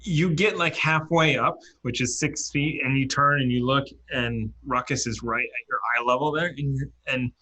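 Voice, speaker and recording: A man's voice: medium pitch, normal speed, hardly any pauses, bright, forceful tone. A man narrating as dungeon master for a tabletop game, loose and chatty, with lots of fillers and restarts.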